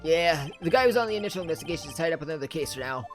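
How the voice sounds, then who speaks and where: A clumsy, loyal police detective from a courtroom game, put on by a player reading aloud, with an attempted Brooklyn accent. He stammers and apologizes, his pitch bouncing widely. Faint music plays behind. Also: expressive, racing, lightly acted. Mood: flustered. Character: bumbling male police detective, loyal and flustered.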